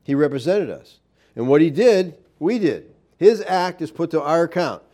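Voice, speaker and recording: Emphatic male preacher, mellow voice. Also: a little high, lively intonation, normal speed. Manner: emphatic, rhetorical questions, reads scripture aloud. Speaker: pastor. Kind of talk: sermon.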